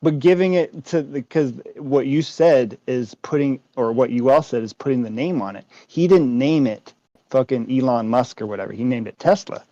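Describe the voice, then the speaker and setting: A man's voice: medium pitch, moderate pace, mellow, no room sound. Man in casual chat, musing and speculative, dry dull lo-fi sound. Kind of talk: casual conversation.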